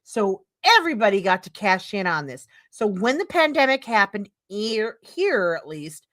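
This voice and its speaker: A woman's voice: mid-range voice, very animated, normal speed, a bit bright. A middle-aged woman streaming commentary, reading a text aloud and breaking into heated, profane, sarcastic rants. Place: home streaming setup.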